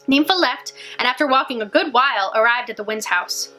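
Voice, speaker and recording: A woman library storyteller reading a fairy tale aloud in an animated, expressive way. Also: on the high side, brisk, few pauses.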